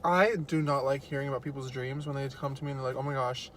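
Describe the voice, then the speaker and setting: A man's voice: mid-range voice, fairly even intonation, fast, heavy background noise. A young man vlogging casually as he eats, telling stories in a chatty way with lots of fillers. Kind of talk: casual mukbang chat.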